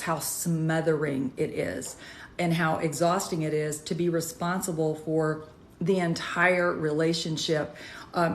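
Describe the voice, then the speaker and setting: A woman's voice: low-pitched, a little hiss or hum. Earnest woman talking in an echoey room. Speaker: co-host. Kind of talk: casual livestream chat.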